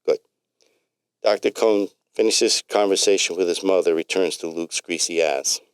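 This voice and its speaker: A man narrating a comic story in a deadpan, matter-of-fact way. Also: low-pitched, normal speed, clean tone, no echo.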